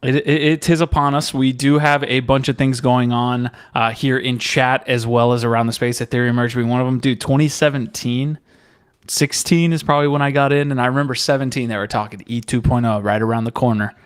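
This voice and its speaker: A man's voice: medium pitch, little pitch movement, fairly quick, clear, resonant tone. Laid-back man hosting a livestream. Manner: upbeat, laid-back, chatty. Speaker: host. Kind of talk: casual livestream chat.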